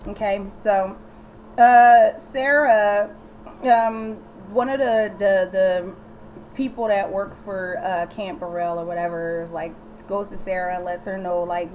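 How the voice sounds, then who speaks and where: A woman vlogger giving a sassy, animated recap of a TV episode and talking straight to the viewer. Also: medium pitch, unhurried, dull audio, slight background noise. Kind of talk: casual chatty recap.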